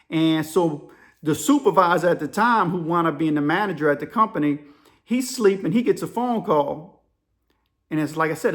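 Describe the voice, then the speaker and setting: Casual male storyteller with a high-set voice, animated narration. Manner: animated, quick shifts between narration and voices. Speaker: storyteller host.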